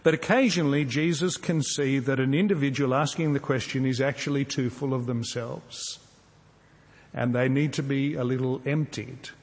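A man preaching a sermon, earnest and measured, often posing rhetorical questions to his congregation. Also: medium pitch, steady tone, big-room sound. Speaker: pastor.

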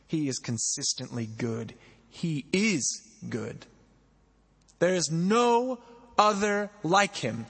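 A man's voice: on the high side, lively intonation, takes it slowly, a bit bright, breathy edge, in a large hall. A young man preaching a sermon as a pastor, talking in a conversational way and putting questions to the congregation. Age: young adult.

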